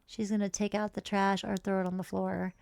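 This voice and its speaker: Woman game streamer, casual profane commentary, gravelly fry, dark tone, dry close sound. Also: level tone, no echo. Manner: chatty, profane, voices her characters in quick high asides. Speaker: streamer playing a life-simulation game. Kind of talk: casual live gameplay commentary.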